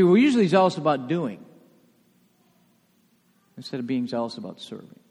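A man preaching a sermon as pastor, emphatic, with rhetorical questions and sudden soft asides. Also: on the high side, long reverb tail. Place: church sanctuary.

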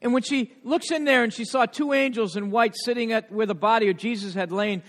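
A middle-aged male pastor preaching a sermon, swinging from loud, emphatic passages to hushed ones and repeating words when moved. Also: extremely high pitch, brisk. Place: church sanctuary. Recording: long reverb of a large hall.

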